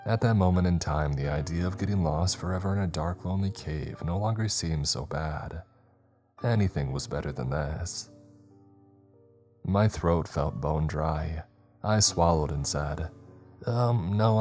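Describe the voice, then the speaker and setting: A man with an extremely deep voice reads a creepy story aloud. His delivery is steady and measured, building a tense mood. Soft background music plays faintly. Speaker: horror story narrator. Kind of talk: scripted horror narration.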